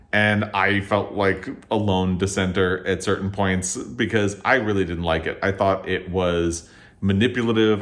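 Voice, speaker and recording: A man hosting his own channel, giving a casual, exasperated and emphatic rant while reviewing books at home. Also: lowish voice. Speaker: book reviewer and channel host. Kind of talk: casual opinionated book review. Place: at home on a couch.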